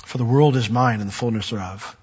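A man preaching a sermon as pastor, chatting with the congregation in asides and building to loud, emphatic peaks when he reads scripture. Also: mid-range voice, a little fast, slightly rough, in a large hall, muffled recording.

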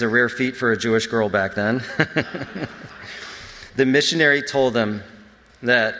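A man's voice: lowish voice, a bit bright. A man giving an earnest, reflective personal testimony as a church speaker. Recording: long reverb in a big hall.

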